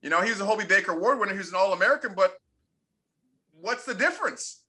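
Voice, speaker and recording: A man's voice: sits high, animated, fast, sharp tone. A man in his forties, a former pro hockey player from Canada, telling stories in an interview, emphatic and repeating his points for effect. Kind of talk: candid interview storytelling.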